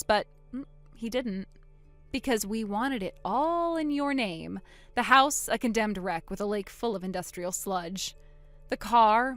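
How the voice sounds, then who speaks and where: Woman playing a quiet vengeful sister, cool and sarcastic, dry close sound, faint music behind. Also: on the high side, dry recording. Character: calm, vengeful young woman springing a trap. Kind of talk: text-story voice acting.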